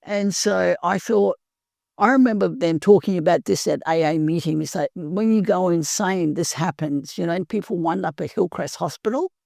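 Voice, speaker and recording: A woman's voice: fairly low pitch, moderate pace, vocal fry, a little mellow, no room sound, clean studio sound. A woman earnestly telling her own recovery story in a plain-spoken way. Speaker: guest sharing recovery story. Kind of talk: personal storytelling.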